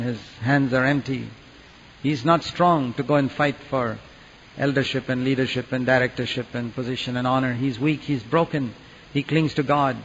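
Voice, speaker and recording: A man preaches earnestly, dropping to a hush and then rising to loud, dramatic peaks. His fairly high voice rings through a long hall reverb, and the recording sounds dull and muffled. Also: husky. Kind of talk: sermon.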